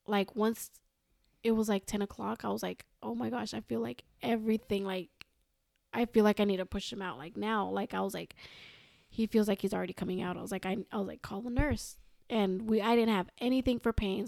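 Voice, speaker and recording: Young woman chatting on a podcast, lots of "like", kinda gravelly, dry sound. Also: medium pitch, normal speed, no echo. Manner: animated, quotes herself and others, many "like"s. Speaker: podcast guest. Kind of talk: casual storytelling.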